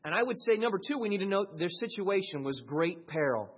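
A man preaching a sermon as pastor, swinging between loud raised peaks and quiet low passages, with a husky voice. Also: sing-song, brisk.

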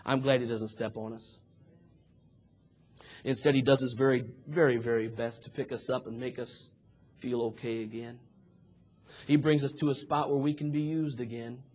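A man preaching a sermon, moving from quiet talk to shouted fervor and acting out prayers and voices as he tells the story. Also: medium pitch, fairly even intonation, normal speed, pauses often. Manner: acts out prayers and dialogue in the telling.

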